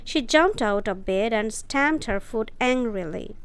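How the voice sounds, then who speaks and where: A woman reads a storybook aloud for English learners, slowly and with deliberate care. Her voice sits somewhat high and sounds smooth and crisp, recorded close and dry. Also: lively intonation. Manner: careful, deliberate reading with brief explanations.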